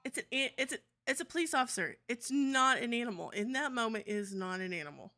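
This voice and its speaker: Woman, bright tone, lively pitch, animated roleplay chatter, laughs often. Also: fast. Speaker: roleplay player. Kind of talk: live-streamed roleplay chat.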